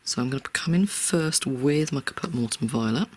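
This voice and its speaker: An art tutor talks through a real-time drawing tutorial, soft and often half-whispering in a reassuring way. The voice is medium in pitch at a moderate pace.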